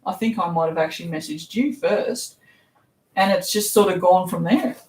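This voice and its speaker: A woman's voice: lowish voice, moderate pace, a little mellow, distant mic. An Australian woman chatting casually while she packs orders, reading comments aloud, laughing often and swearing offhandedly. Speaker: soap shop owner packing orders. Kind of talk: casual live-stream chat while working. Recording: echoey room, voice somewhat off mic, faint noise.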